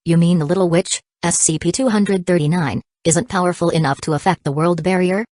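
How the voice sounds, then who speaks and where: A woman's voice: lowish voice, brisk, darkish tone, no echo, clean studio sound, close to an everyday voice. A woman voicing a cautious young woman agent who questions the plan with concern, in an audiobook reading. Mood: worried. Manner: worried, questioning.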